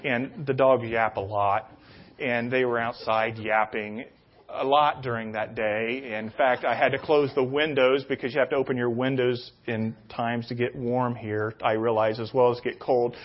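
A middle-aged pastor at a mid-pitched, ordinary register delivers a sermon through personal anecdotes. He rambles and pokes fun at himself, and the story swells into loud, excited retelling. The recording is dull and lo-fi, like basic church audio. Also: moderate pace.

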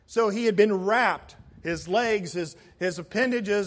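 Man, pastor, sermon, high voice, dramatic delivery, hushed to shouting, church sanctuary. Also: measured pace, hardly any pauses.

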